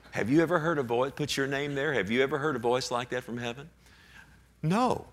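A man preaching a sermon, reading scripture slowly and swinging between hushed and loud, animated delivery. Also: mid-range voice. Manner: reads scripture aloud with slow emphasis. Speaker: pastor.

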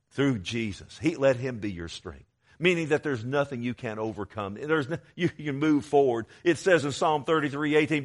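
A man's voice: lowish voice, a little slow. A man preaching a sermon to his church, quoting scripture aloud with swells of volume and sudden drops. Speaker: pastor.

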